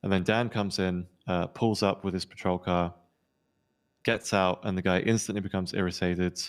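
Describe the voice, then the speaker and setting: A man playing a police officer, recounting a tense incident in a quick, storytelling way and acting out what people said. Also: low voice, steady tone, clean tone. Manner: rapid storytelling, acts out quoted lines. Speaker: police officer in role-play. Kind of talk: in-character debrief recounting an incident.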